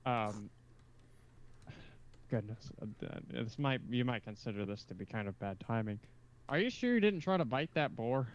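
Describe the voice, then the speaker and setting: A man's voice: medium pitch, slight background noise. Easygoing man at a tabletop game. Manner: easygoing, chatty, slips between in-character and table talk. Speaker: player. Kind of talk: tabletop game role-play.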